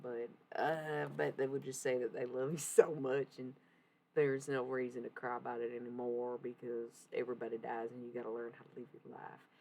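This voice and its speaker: A woman doing a casual livestream reading, rambling, excitable and profane. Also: a bass voice, creaky, slight background noise, low-quality recording.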